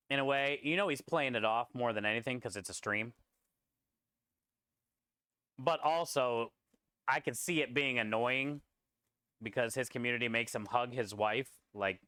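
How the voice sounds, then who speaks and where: Chatty chef talking through kitchen prep. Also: male voice, medium pitch, bright, forceful tone, clear, resonant tone, no room sound, studio quality. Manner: rambling, talks through prep and reads chat. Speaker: food truck chef streamer. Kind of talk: casual live-stream chat while cooking. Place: food truck kitchen.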